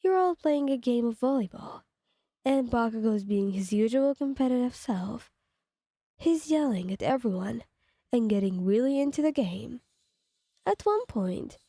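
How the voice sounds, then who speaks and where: A woman narrating a second-person fan story in a plain, steady read-aloud manner. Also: fairly high pitch, no echo, clean studio sound.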